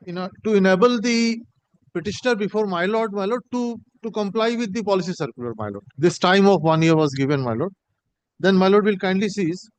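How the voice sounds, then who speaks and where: A man arguing a case in a courtroom, halting and repeating "my lord" while reading from a judgment. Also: high-pitched, dry recording, low-quality recording. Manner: halting, addresses the bench as my lord in nearly every phrase; reads passages from a judgment aloud. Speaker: advocate arguing an appeal. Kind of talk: courtroom argument.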